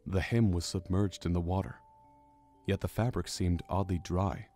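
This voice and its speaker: Deep, mellow male audiobook narrator. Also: steady tone. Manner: measured, descriptive storytelling. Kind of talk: scripted narration. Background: faint music.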